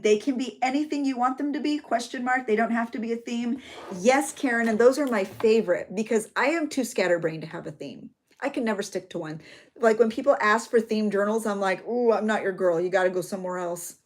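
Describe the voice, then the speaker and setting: Chatty middle-aged woman. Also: medium pitch. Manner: chatty, emotional, tearful at times. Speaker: journaling channel host. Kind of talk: chatty crafting vlog talk.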